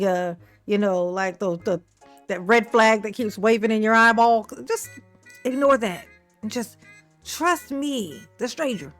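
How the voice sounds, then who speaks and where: A woman's voice: a little high, unhurried, fairly bright tone, soft background music. Sassy mocking woman commentator. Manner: sassy and mocking, laughs often, swears freely; breaks into exaggerated mimicking voices. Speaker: commentator reacting to a news clip. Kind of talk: casual reaction commentary.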